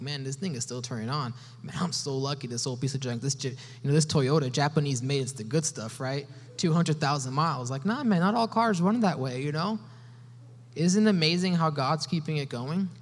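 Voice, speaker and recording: A young man giving a laid-back sermon, talking to the room like friends and dropping "you know" and "man" as he goes. His mid-pitched voice carries a long reverb from a church hall. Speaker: young adults pastor. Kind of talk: casual sermon.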